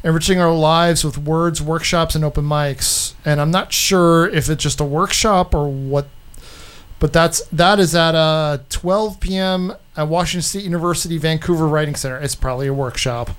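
A man hosting a radio show, announcing upcoming events in a halting way with many fillers and restarts. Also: on the high side, steady tone, fairly bright tone, clear, resonant tone. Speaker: radio host.

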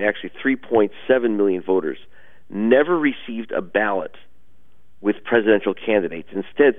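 A man with a fairly low voice comes through a thin, tinny phone line. He explains things emphatically and at length, as a guest on a radio interview. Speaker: journalist guest.

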